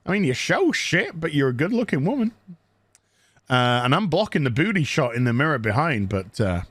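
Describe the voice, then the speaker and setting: A man's voice: on the high side, very animated, moderate pace, bright, forceful tone, dry recording. A man giving a crude, sarcastic, mocking recap of a TV episode as a show reviewer.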